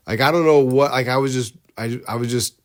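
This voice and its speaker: A male podcast co-host tells a story in a loose, rambling way. He often breaks off his own sentences and restarts them, and keeps a light comic tone. His voice sits at an ordinary, mid-range pitch for a man. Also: brisk. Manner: rambling, self-interrupting, comic. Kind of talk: casual storytelling.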